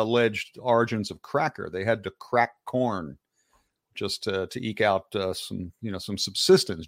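A man's voice: mid-range voice, no room sound, studio quality. A man talking as a guest author in a casual podcast conversation, rambling and digressive with frequent restarts.

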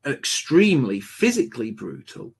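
A man hosting a book discussion, speaking deliberately and building his points with emphasis. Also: mid-range voice, very animated, gravelly, breathy edge.

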